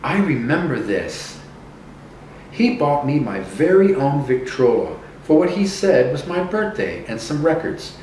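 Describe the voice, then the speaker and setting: A man's voice: a little high, big pitch swings, measured pace, a little mellow, slight background noise, voice pushed up. A man reading aloud as a young boy puppet recalling his past with remorse, in a hesitant, confessional way. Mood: sorrowful. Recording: echoey room from a distance.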